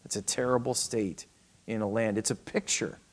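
Dramatic male preacher, loud to hushed. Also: on the low side, steady tone, moderate pace, breathy edge. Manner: dramatic, acts out quoted lines, swings from loud to hushed. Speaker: pastor. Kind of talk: expository sermon.

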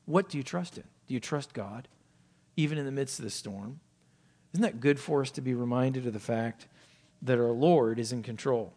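A male pastor preaching a sermon, asking rhetorical questions and swinging from loud emphasis down to hushed, low asides. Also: normal speed. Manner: asks many rhetorical questions.

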